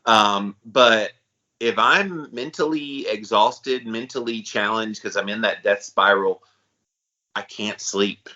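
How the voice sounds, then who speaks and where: A man co-hosting a podcast, talking in a relaxed, candid, slangy way in casual chat. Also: lowish voice, slow, lo-fi sound. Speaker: podcast co-host.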